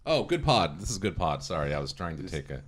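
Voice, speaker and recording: Podcast co-host, a man, low voice, jokey, faint hiss. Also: big pitch swings, fast talker. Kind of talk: casual podcast chat.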